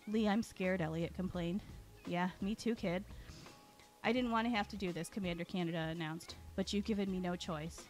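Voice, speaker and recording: A woman reading a story aloud as its storyteller, giving the characters lively voices and often clearing her throat. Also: fairly low pitch, moderate pace, faint music behind.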